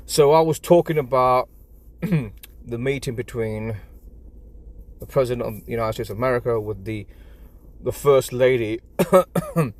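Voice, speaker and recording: A man's voice: mid-range voice, moderate pace. A man with an English accent chatting casually on a live stream from his phone, stumbling over his words and repeating himself. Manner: stammering, repeats words, rambling and apologetic.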